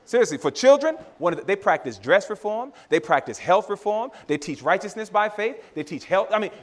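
Lively, high-voiced male preacher. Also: fairly quick. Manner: animated, laughing, acts out dialogue with his children; addresses audience as brothers and sisters. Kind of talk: sermon.

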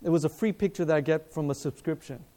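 A man preaching at a seminar, telling a story in a lively way, acting out the dialogue and asking his listeners questions, speaking in a hotel seminar room. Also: on the high side, fast. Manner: animated, acts out dialogue, asks the audience questions.

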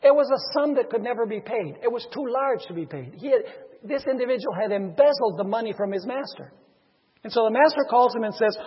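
A man preaching a sermon, acting out the figures of a parable with sudden swings between loud and soft. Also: sits high, expressive, a little fast, husky. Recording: dull reverberant hall sound.

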